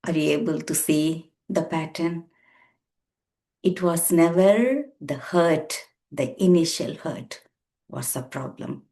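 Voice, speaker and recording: A sixty-something counsellor and therapist gives a reflective personal talk to camera in a deep, mellow voice at a slow pace. She's earnest and emphatic, repeating words to give them weight as she shares her story.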